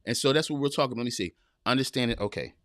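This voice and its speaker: Man, podcast host, animated, preachy, direct to viewers, dry close sound. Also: mid-range voice, rapid-fire, no echo. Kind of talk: live-stream podcast talk, reading chat.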